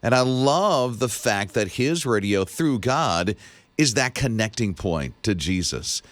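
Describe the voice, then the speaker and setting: A man co-hosting a morning radio show, keeping the banter easy and teasing. His voice sits low but moves a lot in pitch. The studio sound is dry and close-miked. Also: lively intonation, a little slow, a bit bright, no room sound. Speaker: radio co-host. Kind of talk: casual morning show chat. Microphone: studio microphone.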